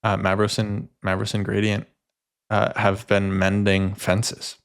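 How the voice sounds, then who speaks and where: A man's voice: fairly low pitch, monotone, a little slow, smooth. Teasing, laughing male dungeon master. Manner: laughs often, teasing players. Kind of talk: casual tabletop game wrap-up chat.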